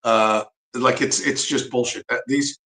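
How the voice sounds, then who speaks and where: A man talks on his livestream in a loose, profane rant full of sarcasm and restarts. His voice sits at a middle pitch, and the room gives it a noticeable echo. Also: fairly even intonation, measured pace, a bit bright. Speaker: livestream host. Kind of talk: casual ranting commentary.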